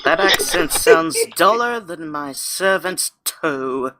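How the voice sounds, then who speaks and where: A man voicing a posh, old-money mallard gentleman with an affected upper-class voice. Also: sits high, wildly swooping pitch, slow pace, vocal fry, full character voice. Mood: haughty. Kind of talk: improvised comedy role-play.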